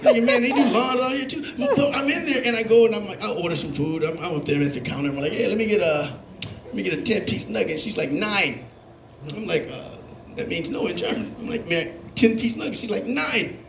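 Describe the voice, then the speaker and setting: A man doing a stand-up comedy set, telling animated stories and acting out the voices of the people in them. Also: high-pitched, fast talker, creaky, noisy background. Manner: animated storytelling, acting out voices, laughing along. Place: comedy club stage. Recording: roomy club with live audience. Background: audience laughing.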